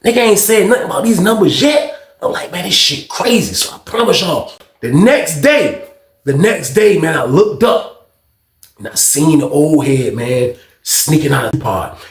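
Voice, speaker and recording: A man telling a prison story in casual talk, acting out other people's lines with shouts and slang. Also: on the high side, moderate pace, roomy sound. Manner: animated, acts out shouted quotes in a raised voice; heavy profanity and slang.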